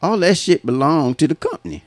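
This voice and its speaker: A man spins a story on a podcast in a loose, swearing style, breaking into laughter as he goes. His pitch swings widely from line to line. The sound is dry and close. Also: a little fast, no room sound. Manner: animated, profane, laughing often. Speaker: podcast host. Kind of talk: casual storytelling chat.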